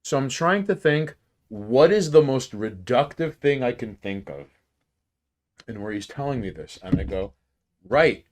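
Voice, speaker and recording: New york guy cohosting a podcast, swears a lot, animated storytelling, gets loud then quiet. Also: mid-range voice, measured pace. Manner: profane, animated storytelling with swings in loudness. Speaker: podcast co-host. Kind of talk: casual chat, storytelling.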